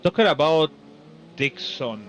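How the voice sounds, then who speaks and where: A man co-commentating a race in casual chat, halting and restarting with non-native phrasing. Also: on the high side, lively intonation, fairly bright tone, a little hiss or hum.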